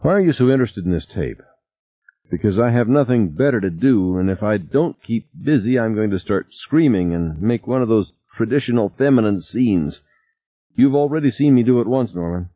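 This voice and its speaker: A man's voice: fairly low pitch, animated, normal speed, no echo, pitched above the performer's own voice. A male reader voicing an anxious woman scientist with a wry, nervous way of talking. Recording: tinny phone-like sound.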